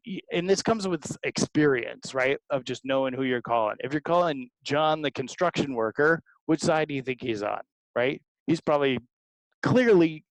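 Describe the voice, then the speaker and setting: A man talking as a sales guest, animated, often tagging his points with "right?" and acting out callers' lines. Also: mid-range voice, dry recording, poor audio. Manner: animated, tag questions, acts out callers. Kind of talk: energetic interview talk.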